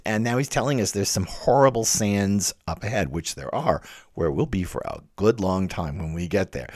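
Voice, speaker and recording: A man with a fairly low voice gives a lively literature lecture. His pitch leaps around as he stresses words, then drops for soft asides. The sound is dry and close. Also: dry recording. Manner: animated, emphatic, swings between loud stresses and quiet asides.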